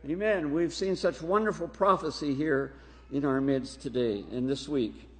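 A man preaching a sermon to a congregation. He reads scripture slowly and emphatically and keeps asking "Amen?". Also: a little high. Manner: slow, emphatic scripture reading with call-and-response "Amen?". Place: church hall. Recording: reverberant hall.

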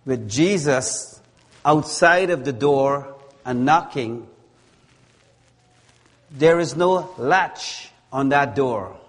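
A man preaching a sermon in a slow, deliberate way, leaning on words through repetition. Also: mid-range voice. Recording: long hall reverb.

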